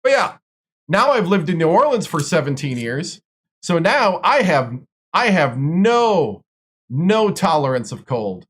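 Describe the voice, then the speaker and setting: A man's voice: on the high side, very animated, a little slow, fairly bright tone, husky. A man from Wisconsin, a streamer, telling long stories in casual chat with lots of fillers and restarts. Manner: rambling, filler-heavy storytelling.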